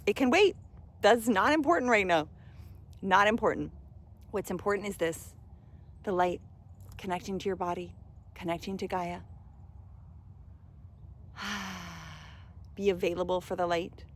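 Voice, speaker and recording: Speaking a little slowly with frequent pauses, a spiritual self-love coach with a low-side voice delivers a relaxed motivational talk, with some faint hiss or hum in the background. Earnest and prone to saying "like," she grows emphatic and loud as she urges her listeners on.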